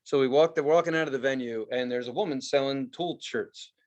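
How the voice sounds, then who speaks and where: A man co-hosting a podcast, telling a story in casual chat, swearing a lot and acting out quotes loudly. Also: medium pitch, brisk, dull audio. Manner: profane, animated storytelling with loud acted-out quotes. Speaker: podcast co-host.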